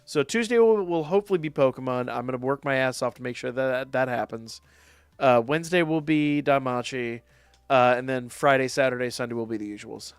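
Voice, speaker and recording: A man streams a game live at a slightly fast pace, his medium-pitched voice clean in tone. He talks to chat casually, cursing a lot and ranting in frustration. No room sound, just faint music in the background.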